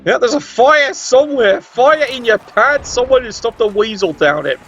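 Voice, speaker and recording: High-pitched sarcastic commentator. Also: male voice, moderate pace, dull audio, faint music behind. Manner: sarcastic, excitable, swears often. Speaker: game commentator. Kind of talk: tabletop video game commentary.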